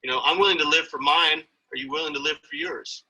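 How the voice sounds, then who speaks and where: A man's voice: fairly high pitch, fairly quick, bright, forceful tone, slightly rough, poor audio. A man speaking as an interview guest, earnest and motivational as he talks about being a father. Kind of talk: interview conversation.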